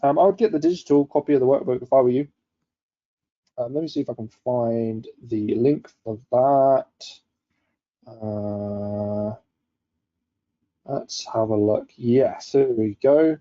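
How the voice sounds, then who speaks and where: A man's voice: mid-range voice, slow pace, long pauses, warm tone, muffled recording. A man hosting a live online coaching session, upbeat and chatty, reading out viewers' comments as he goes. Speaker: webinar host.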